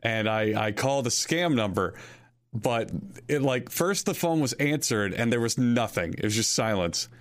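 A man co-hosting a casual podcast, telling a story with lively acted-out quotes. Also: medium pitch, moderate pace. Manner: animated storyteller who acts out quoted voices. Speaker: podcast co-host.

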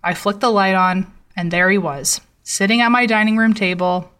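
Bright-voiced young woman narrating a story. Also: mid-range voice. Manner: steady, measured storytelling. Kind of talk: first-person story narration. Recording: voice slightly distant from mic.

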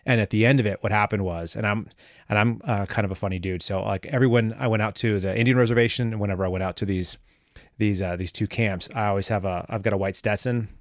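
A man's voice: on the low side, fairly even intonation, fast talker, no echo, clean studio sound. A man, a former government analyst, telling a story as a guest in a casual interview, rambling and wry with lots of fillers.

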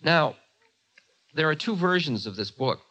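Animated man telling an old tale. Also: a little high, unhurried, background noise. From United States. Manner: animated, chatty, full of asides. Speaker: spiritual teacher. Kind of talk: storytelling talk.

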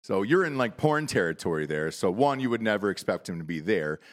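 Lively-voiced male podcast host. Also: on the low side, a little fast. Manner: loose, conversational, with profanity. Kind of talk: casual chat.

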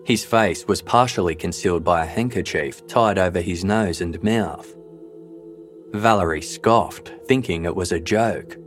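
A man narrating a true-crime story in a measured, scripted way. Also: low voice. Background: faint background music.

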